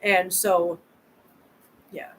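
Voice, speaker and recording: A woman's voice: fairly low pitch, flat delivery, very slow, slight background noise, low-quality recording. A woman hosting a live chat with viewers. She talks chattily, repeats words and answers comments directly. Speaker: channel host.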